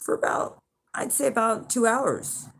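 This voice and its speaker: A woman's voice: on the high side, unhurried, gravelly, fairly bright tone, slightly rough. A woman telling a casual, rambling story straight to her viewers, swearing and chuckling as she goes. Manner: chatty and rambling, with swearing and laughter. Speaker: channel host, intuitive reader.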